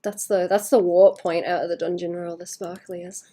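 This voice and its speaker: A woman streams a digital painting session, chatting casually and muttering to herself as she works, often trailing off mid-thought. Her voice is lowish, mellow, and husky, with a flat delivery at a slightly fast pace.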